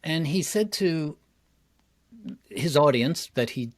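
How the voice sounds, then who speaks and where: Lively male speaking coach. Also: fairly high pitch. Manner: energetic and quick, acts out examples. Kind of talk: interview guest talk.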